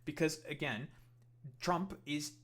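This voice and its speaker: A man's voice: fairly high pitch, slow pace, a bit bright. Profane rambling male commentator. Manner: profane, rambling with many fillers. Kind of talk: ranting reaction commentary.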